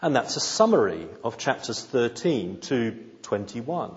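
Preacher in a reverberant hall. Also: male voice, medium pitch, sing-song, a little slow. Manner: emphatic, repeats key phrases, rhetorical questions. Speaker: pastor. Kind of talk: sermon. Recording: dull sound with long reverb in a hall.

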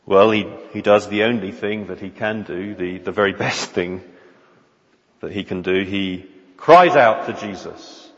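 Man, preacher, sermon, low voice, earnest, dull lo-fi recording. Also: level tone. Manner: earnest, measured, rhetorical questions. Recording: reverberant hall, dull lo-fi sound.

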